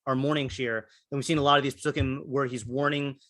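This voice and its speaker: A man's voice: medium pitch, steady tone, a little fast, fairly bright tone. A man teaching a Torah class, thinking aloud through many fillers and restarts while calling on students. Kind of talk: interactive Torah class discussion.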